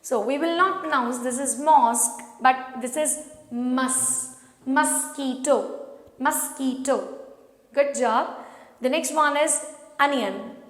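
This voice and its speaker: A woman's voice: high voice, slow pace, fairly bright tone. A woman teaching pronunciation, patiently repeating each word for learners to echo. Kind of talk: slow, drilled pronunciation lesson. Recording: echoey room with long reverb.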